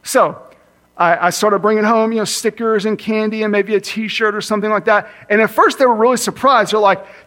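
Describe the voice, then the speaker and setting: A man with a fairly high voice preaches a sermon in an earnest, personal tone. He slows down and speeds up to stress his points. He sounds like he is in his thirties. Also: steady tone, a bit bright. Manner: earnest, varies pace for emphasis, acts out his kids with a higher voice. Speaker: campus minister preaching.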